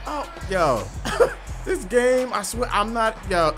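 A man giving excited gameplay commentary, hyping plays and often shouting. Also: high voice, a little slow, music in the background. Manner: hypes plays with frequent shouting. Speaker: gaming video creator.

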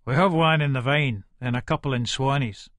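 Speaking at a moderate pace, this man has a medium-pitched, fairly bright voice that stays close to everyday speech, recorded clean in a studio without echo. In the role of a full-cast audiobook's first-person narrator, the actor uses an Edinburgh Scots accent to play a volatile, foul-mouthed Leith man in middle age, coarse, swearing and menacing.

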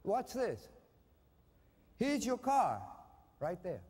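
Male preacher, fiery call-and-response sermon, high pitch, hall reverb. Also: animated, measured pace. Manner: call-and-response preaching, swings from shouting to hushed. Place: church hall with a congregation.

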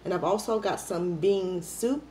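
A young adult woman chatting casually to her viewers in an eating vlog, lively and playful, wired up on coffee. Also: lowish voice, measured pace, slight background noise. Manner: lively, chatty, playful, says y'all a lot. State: hyped up on coffee. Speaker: mukbang vlogger.

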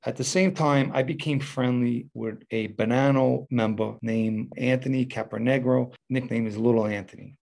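A man's voice: mid-range voice, fairly even intonation, moderate pace, creaky, hardly any pauses, a little mellow. A man recounting a personal story in a casual, matter-of-fact, street-talk manner. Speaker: former mob associate telling a story.

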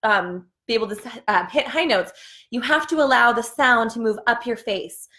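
A young woman with a fairly high voice and moderate pace leads a live singing lesson, explaining and demonstrating vocal exercises despite sounding tired. Between explanations, she sings and yells sample notes.

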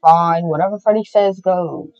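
A performer voicing a suspicious male pirate fox animatronic in a fan-made game roleplay, talking in slow pirate speech. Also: medium pitch, darkish tone, lightly acted. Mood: grudging. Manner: pirate talk, slow and guarded. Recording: slightly muffled with faint music.

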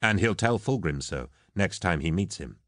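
A man's voice: low voice, expressive, moderate pace, dry recording, clean studio sound. A man voicing a brash, mocking warrior captain who barks orders and taunts a rival. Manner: cocky, sarcastic, commanding.

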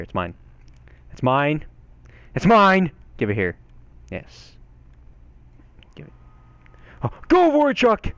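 Young man, gameplay commentary, swearing, wildly swinging pitch, dry close sound. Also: no echo. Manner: excitable, swears, yells at the game. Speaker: gaming channel host.

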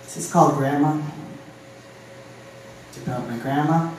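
Poet from ohio reading at an open mic, mellow voice, faint room hum behind. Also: medium pitch, unhurried. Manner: reads poems, chats with fillers between them. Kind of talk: live poetry reading. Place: live venue room. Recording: very echoey room from a distance.

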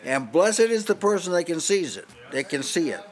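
An older man preaches in a house church meeting, pressing his points hard and challenging his listeners. His voice sits a little high for a man, and he often breaks off and restarts his sentences as he drives home each point. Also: very animated, moderate pace. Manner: emphatic, challenging, with frequent restarts. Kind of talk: sermon.

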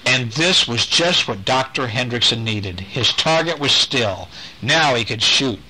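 A man reading a bedtime story aloud to his children, gentle and animated. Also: mid-range voice, a little slow, low-quality recording.

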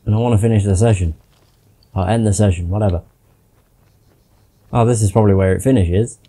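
A gamer doing a playthrough talks casually over his gameplay, muttering to himself and swearing when he gets frustrated. His voice is fairly low, mellow, and a little fast.

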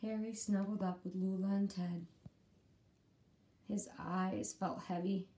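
A woman reading a children's bedtime story aloud in a gentle, teacherly way. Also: fairly low pitch, fairly even intonation, takes it slowly, a little hiss or hum.

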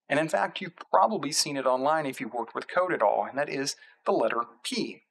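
A man in middle age, voice at a typical pitch, explaining code step by step in a screencast lesson. He works slowly through each term and says the key words again as he points at the screen. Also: a bit bright, breathy edge, poor audio. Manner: methodical, repeats terms while pointing at code. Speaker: instructor. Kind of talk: screencast tutorial.

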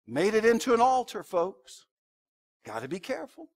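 A man's voice: high-pitched, wildly swooping pitch, moderate pace. A man. He talks to the congregation in a conversational way, telling stories and pushing his points with sudden emphatic rises. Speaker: pastor. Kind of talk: sermon. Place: church sanctuary.

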